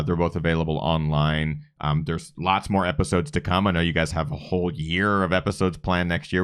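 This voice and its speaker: A male host with a notably low voice closes out his live show. He keeps an upbeat, chatty tone while listing prizes and sponsors one after another, like a practiced show presenter. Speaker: podcast host. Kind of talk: live show sign-off and promotion.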